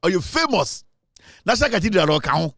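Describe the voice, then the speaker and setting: A man with a Ghanaian accent hosting a casual show, talking with animated, playful banter. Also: high-pitched, fairly quick, no room sound, studio quality. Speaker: show host. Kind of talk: casual show talk, mixing English and Twi.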